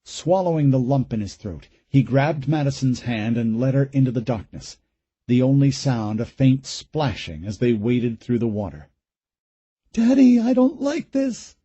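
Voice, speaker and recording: Husky-voiced man narrating a horror audiobook. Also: mid-range voice, moderate pace, mellow, no room sound, lo-fi sound. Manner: dramatic, suspenseful reading. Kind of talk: scripted narration.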